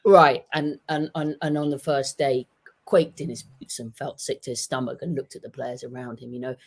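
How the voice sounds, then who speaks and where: Woman on a podcast, animated storytelling, lots of restarts. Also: very deep voice, normal speed. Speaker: football journalist guest. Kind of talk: conversational podcast interview. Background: dog nearby at home.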